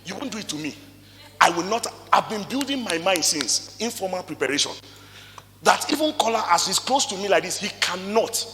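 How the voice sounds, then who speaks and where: A man with a Nigerian accent giving an animated motivational talk to a live audience, firing rhetorical questions and swinging between loud and soft. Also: high-pitched, a little fast, noisy background. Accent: Nigerian English. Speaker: motivational speaker. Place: stage in a hall before an audience. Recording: long reverb of a large hall.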